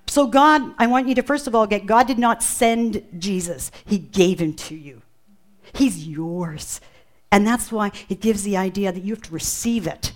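A woman preaching a sermon, emphatic and expressive, full of rhetorical questions to the congregation. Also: mid-range voice.

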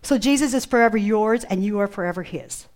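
A woman preaching a sermon, emphatic and expressive, full of rhetorical questions to the congregation. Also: mid-range voice, brisk.

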